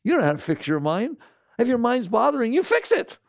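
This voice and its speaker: Animated, gravelly man lecturing with questions. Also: very high-pitched, fairly quick, dry recording, clean studio sound. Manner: rhetorical, keeps asking the audience questions; animated, slips into mocking quoted voices. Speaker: spiritual teacher. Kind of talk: lecture to a live audience.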